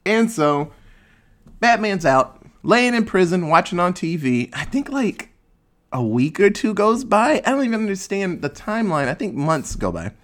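A man's voice: high-pitched, very animated, moderate pace, a bit bright. A man casually recapping a movie plot in a rambling, sarcastic way, swearing freely.

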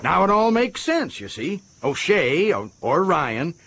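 A boastful, chatty prison governor in a radio drama. He rambles and stumbles over his words, and his husky voice sits fairly high and swings widely in pitch. He sounds pleased with himself. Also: very animated, measured pace, pushed and bright, heavily acted. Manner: boastful, stumbling, chuckling often.

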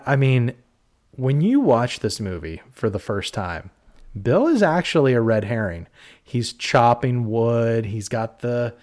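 A man's voice: medium pitch, a little mellow. A man co-hosting a casual horror movie review podcast, talking in a heated, ranting way with swearing and lots of fillers. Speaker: podcast co-host.

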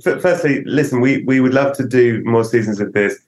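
A man's voice: medium pitch, brisk, a little mellow, reverberant. A man on a video call interview, talking about his show in a playful, teasing way. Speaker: series co-creator.

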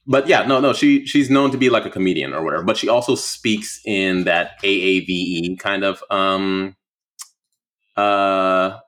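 A young man speaks in a low, relaxed register as a guest in a casual conversation. He rambles, circling back with fillers and restarts as he works through his thoughts. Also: normal speed.

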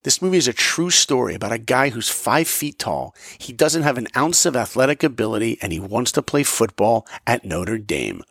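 Male motivational storyteller, gravelly voice, dry sound. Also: medium pitch, moderate pace, few pauses, dry recording. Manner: animated, acts out dialogue. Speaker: motivational podcast speaker. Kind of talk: personal storytelling talk.

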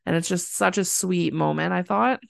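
A woman co-hosting a podcast, recapping a TV episode in a soft, hesitant way with many fillers. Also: lowish voice, moderate pace, vocal fry, no echo, studio quality. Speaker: podcast co-host. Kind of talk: casual chat recapping a TV episode.

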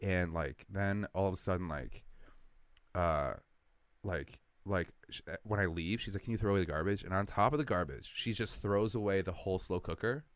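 A man on a podcast, telling a comedic personal story in quick, animated, profane bursts. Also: low voice, smooth, dry recording. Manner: rapid, animated, profane anecdotes. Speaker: comedian guest.

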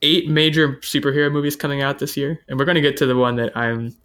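Hosting a casual chat, a man runs through upcoming movies from an article, his delivery relaxed and full of fillers. His medium-pitched voice is smooth and fast.

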